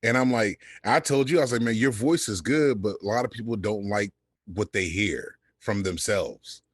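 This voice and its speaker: Man, low smooth voice, relaxed storyteller, casual podcast chat, dry recording. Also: moderate pace, no echo. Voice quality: deep smooth voice. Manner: storytelling, laid-back, swears freely, laughs. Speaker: podcast guest.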